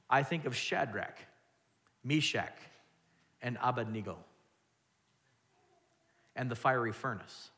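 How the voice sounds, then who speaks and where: A pastor preaching a sermon, shifting between loud emphatic lines and quiet asides, and acting out quoted voices in a raised voice. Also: male voice, medium pitch, animated, unhurried, pauses often.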